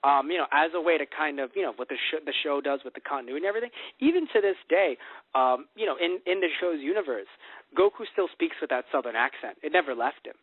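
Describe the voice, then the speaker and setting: A man hosting a casual podcast chat, rambling and animated with lots of fillers. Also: on the high side, fast, husky, no room sound. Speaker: podcast host. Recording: tinny phone-like dry sound.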